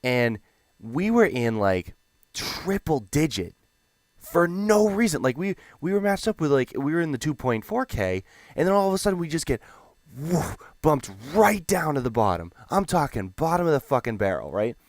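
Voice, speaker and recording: A young man telling a gaming story in a rambling, animated, profane way. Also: fairly high pitch, normal speed, no room sound. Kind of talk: casual storytelling.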